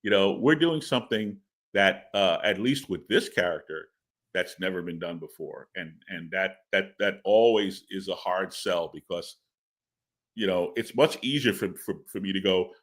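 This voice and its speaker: A man's voice: sits low, normal speed, fairly bright tone. A man talking as a guest in a casual interview, rambling and stammering with repeated words and laughs. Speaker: comic book writer interviewed as guest.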